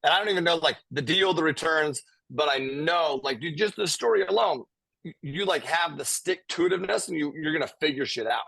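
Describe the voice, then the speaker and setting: A man's voice: fairly high pitch, fairly quick, gravelly, pushed and bright, no echo, low-quality recording. A man hosting a podcast, chatting casually with his guest and calling him "bro" and "dude". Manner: laid-back, says "bro" and "dude", swears casually. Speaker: podcast host. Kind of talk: casual interview chat.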